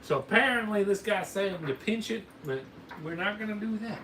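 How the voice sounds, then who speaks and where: Here a high-pitched man with lively intonation speaks at a moderate pace. He's the host of a fireworks video, using a mock Southern drawl and folksy humor while he rambles through a casual demo for whoever holds the camera. Sound comes from the camera mic, distant and roomy with a bit of noise.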